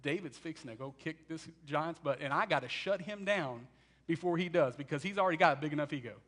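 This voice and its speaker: A preacher playing a sneering jealous older brother. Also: male voice, on the high side, quick pace, a bit bright, pitched below the performer's own voice. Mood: resentful. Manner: sneering, belittling. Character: jealous, scornful older brother, young man.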